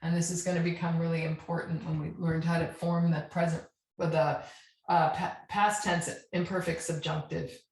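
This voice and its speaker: A woman's voice: deep voice, level tone, moderate pace, a little mellow. Woman teacher in an echoey room. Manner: patient, checks in with "right?" and spells endings out. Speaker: Spanish teacher. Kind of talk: classroom lesson.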